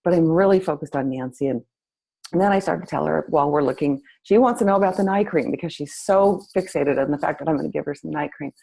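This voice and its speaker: A woman's voice: low-pitched, fast talker, vocal fry, dark tone, rough recording. A woman hosting a talk, telling a story and acting out both sides of a conversation with lots of energy. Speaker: host. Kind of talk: storytelling to an audience.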